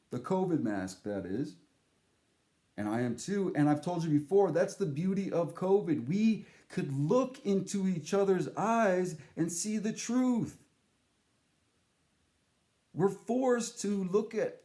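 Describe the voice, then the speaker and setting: A man telling a story in a casual monologue, animated and profane, acting out the voices he quotes. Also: high-pitched, unhurried, reverberant.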